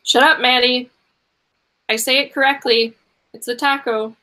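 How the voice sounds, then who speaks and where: A woman's voice: high-pitched, fairly even intonation, measured pace, bright, forceful tone, rough recording. A woman hosting a casual chat, easygoing and encouraging, often laughing. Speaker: host.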